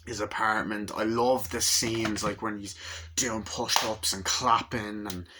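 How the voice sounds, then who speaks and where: Young male reviewer, low bright voice, rambles and mimics film lines. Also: fairly even intonation, measured pace, slight background noise. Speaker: movie reviewer. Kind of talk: casual movie review.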